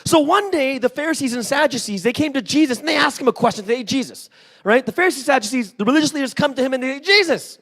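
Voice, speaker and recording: A man in his forties giving a sermon in a church, telling a personal story with lively acted-out dialogue and frequent "right?". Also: very high-pitched, quick pace. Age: 40s. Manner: animated storytelling, acts out dialogue, often asks "right?". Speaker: pastor.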